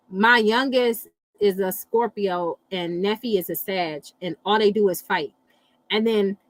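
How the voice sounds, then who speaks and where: A middle-aged woman hosting a casual live chat, animated and blunt, swearing freely and reacting to viewer comments. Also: medium pitch, dry recording, low-quality recording. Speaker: livestream host reading astrology.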